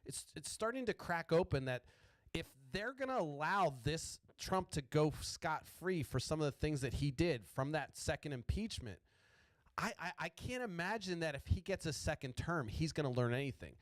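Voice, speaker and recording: A man's voice: a little high, animated, normal speed, dry recording. A man hosting a podcast, ranting about politics in a profane, rambling way and stuttering often. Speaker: podcast host.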